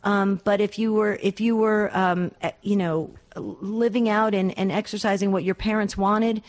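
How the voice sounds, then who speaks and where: Female co-host, gentle and earnest, advising callers on air. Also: mid-range voice, steady tone, normal speed. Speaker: radio co-host, advice giver. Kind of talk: call-in advice talk.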